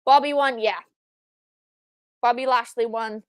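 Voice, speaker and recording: A young woman hosting a live watchalong, reacting excitedly, swearing and yelling at the screen, then repeating her frustration. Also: medium pitch, moderate pace, smooth, no room sound. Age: young adult. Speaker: watchalong streamer.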